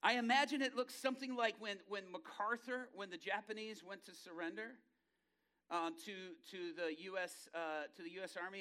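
A male preacher with a high, bright voice. He tells dramatic stories and acts out the characters' voices. He swings from hushed low passages to loud, excited bursts. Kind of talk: sermon.

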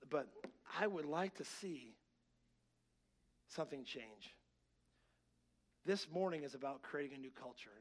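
A man pastor preaching a sermon, swinging between loud, excited preaching and quiet asides to his church, wearing a clip-on mic. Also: mid-range voice. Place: church sanctuary. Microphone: clip-on mic that keeps slipping.

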